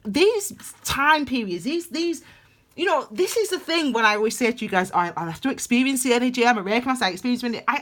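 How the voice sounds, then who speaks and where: A woman's voice: on the high side, a bit bright. A woman giving a casual tarot reading, rambling and emphatic with lots of restarts. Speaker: tarot reader.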